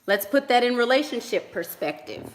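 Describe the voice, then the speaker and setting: A woman's voice: on the high side, expressive, moderate pace, slight background noise. A woman coaching on relationships in a casual livestream chat, chatty and emphatic, laughing between thoughts while she does her makeup at home. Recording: echoey room.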